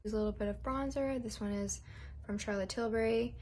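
A woman's voice: on the high side, fairly even intonation, a little fast, a little mellow, slight background noise. A young woman in her twenties chatting nervously and self-deprecatingly while doing her makeup for a casual vlog. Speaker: model doing a makeup tutorial. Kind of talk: casual rambling vlog chat.

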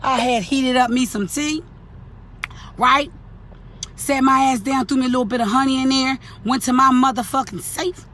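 A woman, stuffy from an allergy cold, telling a profane, animated storytime rant in her daily vlog segment, cussing and laughing at her own story. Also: high-pitched, normal speed, slight background noise. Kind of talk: profane, ranting storytime monologue.

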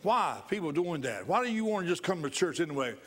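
A man's voice: a little high, big pitch swings, fast, fairly bright tone. A male pastor preaching a sermon in church, repeating phrases for emphasis and bursting into laughter.

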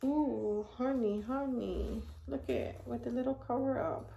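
Gushing woman with a gravelly voice. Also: a little high, steady tone, measured pace, dark tone, rough recording. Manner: gushing, exclaiming, thanking viewers. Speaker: YouTube channel host. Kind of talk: casual unboxing vlog.

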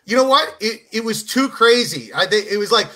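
A high-pitched man with a bright, ringing tone tells a long story on a casual podcast. He slips in and out of the voices of the people he describes, keeping the pace lively. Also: fairly quick. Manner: animated storyteller, acts out quoted voices. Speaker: comedian guest.

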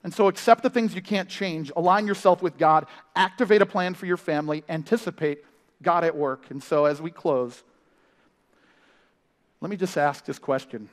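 A male family pastor preaching in a lively, storytelling way, with quick humor and playful impressions. His voice sits high for a man. It rings out with the long reverb of a large hall. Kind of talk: sermon. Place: church. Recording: live sermon in a reverberant hall.

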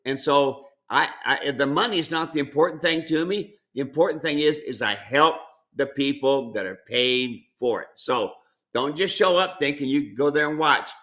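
A man's voice: fairly high pitch, pushed and bright. A middle-aged man who owns a mule ranch, talking casually with viewers in a folksy way, often stumbling over and repeating words. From United States. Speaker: mule ranch owner and trainer. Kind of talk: casual live-stream Q&A.

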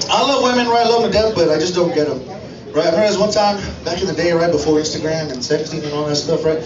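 High-voiced man doing stand-up. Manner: chatty, keeps asking the crowd "right?". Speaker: stand-up comedian. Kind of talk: stand-up comedy set. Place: comedy club stage before a live audience. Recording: echoey club audio from a distance, dull.

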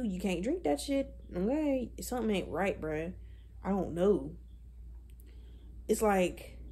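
A young woman in her twenties chats on camera in a blunt, profane, animated way. Her voice is husky, with a dark, mellow tone. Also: mid-range voice. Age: 20s. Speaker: vlogger. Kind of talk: casual chat.

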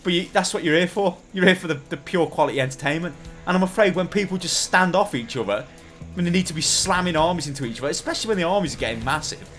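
A man's voice: high voice, animated, quick pace, a bit bright, soft background music. A man commentating an esports match on a headset, joking and rambling in casual banter. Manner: jokey, rambling, teasing.

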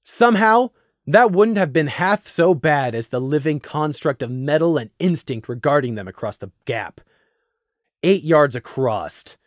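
A man narrating a storybook with a lively, swooping delivery that rises and falls through every sentence. His voice sits slightly high for a man, recorded close and dry with no room behind it. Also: measured pace, no echo. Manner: expressive, dramatic reading. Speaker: audiobook narrator. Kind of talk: scripted fan fiction narration.

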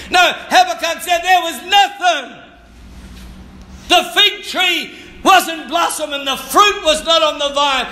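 A man preaching with a high, very bright voice that rings in an echoey church room. He speaks slowly and fervently, repeats his phrases and now and then shouts or sings a line. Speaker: pastor. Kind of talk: sermon.

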